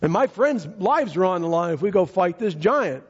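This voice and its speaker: A male preacher with a high, husky voice that rises and falls animatedly as he drives his points home. He retells scripture in everyday words and says key lines twice. The recording is dull and lo-fi. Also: big pitch swings, normal speed. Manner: emphatic, repeats key phrases, paraphrases scripture in casual speech. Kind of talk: sermon.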